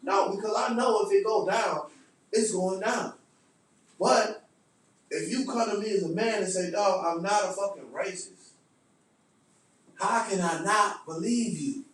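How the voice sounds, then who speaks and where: A man telling a story as a podcast guest, animated, emphatic and profane. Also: high voice, a little slow. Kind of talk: casual storytelling. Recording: echoey room, distant mic.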